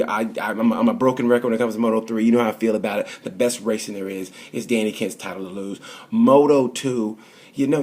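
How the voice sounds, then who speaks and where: A man rambling through a casual race review, chatty and full of restarts. His voice is low and noticeably husky. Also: a little mellow. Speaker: motorsport vlogger.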